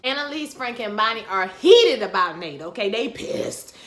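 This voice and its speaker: A woman recapping a TV episode in a casual vlog, animated and slangy, acting out the characters' lines. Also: on the high side, normal speed. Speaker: TV recap host. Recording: echoey room.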